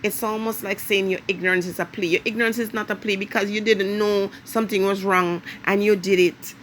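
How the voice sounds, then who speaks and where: A woman's voice: medium pitch, steady tone, a bit bright, a little hiss or hum. A woman with a Jamaican accent giving a vlog monologue in an emphatic, lecturing way, leaning hard on key words. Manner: emphatic, lecturing, drawn-out stresses. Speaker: vlogger. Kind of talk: direct-to-camera monologue.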